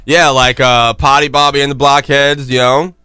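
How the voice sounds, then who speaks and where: Young guy hosting a pod, hyped and joking, bright clear voice, dry sound. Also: medium pitch, flat delivery, normal speed, no echo. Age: young adult. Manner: hyped, joking, talks with lots of slang. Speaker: podcast host. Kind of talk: casual chat.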